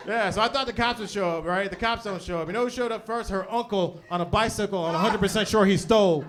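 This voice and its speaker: A man performing an animated stand-up comedy set on a club stage, often tagging jokes with "right?". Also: high-pitched, fast talker, hardly any pauses. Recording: noisy live club recording. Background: audience laughter.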